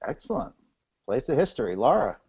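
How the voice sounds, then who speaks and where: A man's voice: medium pitch, very animated, fairly quick, darkish tone, husky. Easygoing man hosting a video call. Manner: easygoing, joking, loose with fillers. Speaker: host of a video call meetup. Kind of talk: casual online chat. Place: home, coming in over a video call. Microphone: video call microphone. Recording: dull lo-fi video call audio.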